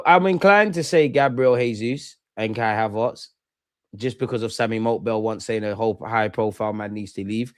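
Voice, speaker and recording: A man hosting a live football watch-along stream, chatting loosely and bantering with his viewers in slangy speech. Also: mid-range voice.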